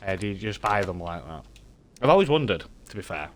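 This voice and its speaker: A man's voice: deep voice, big pitch swings, fairly quick. A man streaming a game live, chatting with viewers in a rambling, thinking-aloud way and muttering to himself as he works. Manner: mutters quietly to himself during tasks. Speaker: streamer playing a mechanic game.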